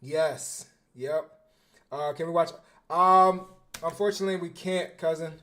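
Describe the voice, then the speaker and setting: A young man, a football coach and former defensive back, talking casually on a livestream, animated and slangy, often repeating his words. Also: on the high side, unhurried. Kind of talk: casual livestream film breakdown.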